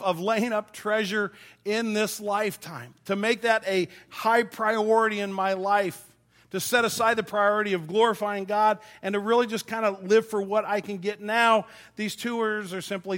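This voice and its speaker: A man's voice: high-pitched, a bit bright. A middle-aged man preaching a sermon, folksy and self-deprecating, telling stories from his childhood to make his point. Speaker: pastor.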